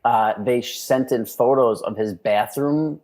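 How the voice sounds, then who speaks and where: A man's voice: medium pitch, measured pace, darkish tone. Rambling, joking man on a podcast. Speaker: podcast co-host. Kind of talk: casual chat. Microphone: remote call mic.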